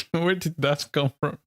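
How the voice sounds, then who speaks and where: A man's voice: fairly high pitch, a bit bright, no echo, studio quality. A man streaming live and chatting casually with viewers, rambling and laughing, with many fillers. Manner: rambling, heavy use of "like", frequent laughs. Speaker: streamer and lore video creator.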